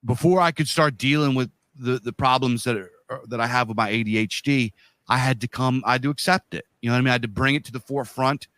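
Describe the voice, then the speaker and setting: A man in his thirties or forties co-hosts a podcast, his medium-pitched voice quick and fairly bright on a dry recording. The casual conversation is blunt, loaded with profanity and slang.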